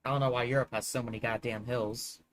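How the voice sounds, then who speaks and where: A man's voice: mid-range voice, steady tone, quick pace, fairly bright tone. A man giving live commentary as he plays a geography guessing game, rambling and swearing in exasperation. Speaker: streamer.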